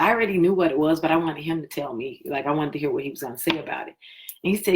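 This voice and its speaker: A woman hosting a live stream, telling her personal story in a chatty, animated way and acting out what people said. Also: sits low, fast talker. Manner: chatty, animated, acts out quoted talk.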